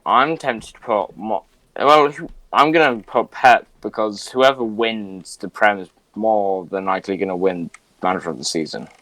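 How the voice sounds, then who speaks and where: A man's voice: lowish voice, normal speed, a bit bright, dry recording. A young British man co-hosting a football podcast, teasing his friend with dry sarcasm. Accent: British English. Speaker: podcast co-host. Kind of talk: casual chat.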